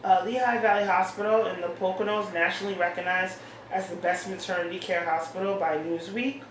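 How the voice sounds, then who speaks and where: Reading aloud the mail sent to her, a female show host chats and rambles, thinking out loud in a casual solo segment. Her medium-pitched voice is fairly even and brisk. The recording is echoey and distant, with a faint hiss.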